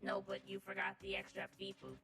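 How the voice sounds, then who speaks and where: A woman voicing a monotone robot that drones in deep beeps and blahs. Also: a little fast, over music, lightly acted. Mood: droning. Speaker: streamer.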